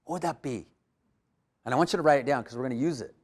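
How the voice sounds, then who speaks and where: A man giving a live motivational workshop in a room full of people, energetic and coaching the audience with direct prompts. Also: mid-range voice, quick pace. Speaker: workshop speaker.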